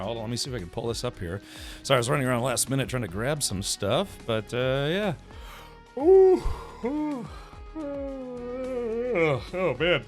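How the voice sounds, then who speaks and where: A man's voice: medium pitch, fairly bright tone. A man live-streaming a video game, chatting casually with his viewers, rambling with many fillers and restarts. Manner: rambling, chatty, greets chat by name, frequent fillers.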